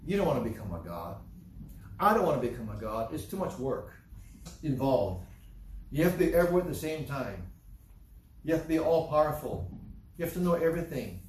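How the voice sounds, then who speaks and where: Guy preaching a sermon, lively swingy voice, lots of what-man-can-say-that questions, kinda far from the mic. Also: a little high, a little fast, long pauses, slight background noise. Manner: emphatic, repeats rhetorical questions, quotes scripture aloud. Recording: echoey room, voice from off-mic.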